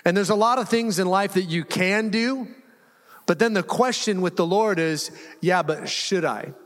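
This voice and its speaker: A man's voice: high-pitched, normal speed, fairly bright tone. Man preaching conversationally in an echoey hall. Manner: conversational, self-deprecating, laughs while telling stories. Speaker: pastor. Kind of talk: sermon with personal storytelling. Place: church hall with a congregation.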